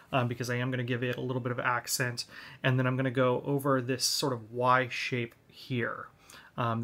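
A man's voice: mid-range voice, creaky, fairly bright tone. A man giving a hobby tutorial on model kits, explaining each step in a laid-back way.

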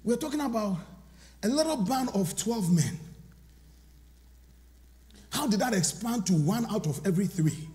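A man preaching a sermon as pastor, swinging from loud shouted lines to hushed asides. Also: high voice, animated, unhurried, pauses often. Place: large church sanctuary. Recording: long church reverb.

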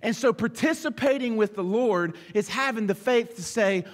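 A man delivers a sermon in a lively preaching manner, slipping into little voices for the people in his examples. His voice sits high for a man. The sound carries a long hall reverb. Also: normal speed, hardly any pauses. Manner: animated preaching, acting out dialogue. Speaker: pastor.

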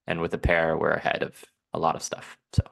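A man with a low, gravelly voice breaks down poker hands as a guest coach. He talks in a relaxed, analytical way, slightly tired and casual. There is a rough fry under his words. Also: brisk.

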